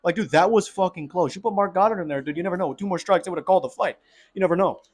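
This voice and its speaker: Young dude hyped up breaking down a fight, swears a ton, kinda high voice. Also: male voice, rapid-fire. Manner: excitable, swears a lot, uses slang. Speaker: MMA commentator.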